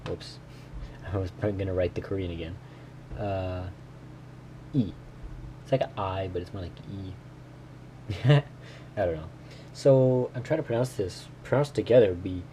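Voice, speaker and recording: A man recording a casual study vlog, slowly sounding out and repeating words he is learning, with small self-deprecating laughs. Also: deep voice, warm tone, slight background noise. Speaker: language learner vlogger.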